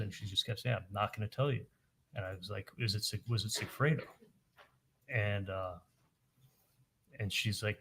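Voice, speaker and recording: A man on the witness stand, recounting events haltingly and quoting the dialogue in detail. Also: lowish voice, steady tone, a little hiss or hum. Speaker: witness testifying at a trial. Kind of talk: courtroom testimony.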